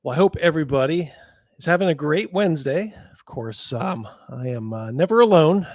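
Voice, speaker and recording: A man hosting a casual livestream chat, playful and quick to laugh. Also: no echo. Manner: playful, laughs easily, lively pitch. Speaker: show host.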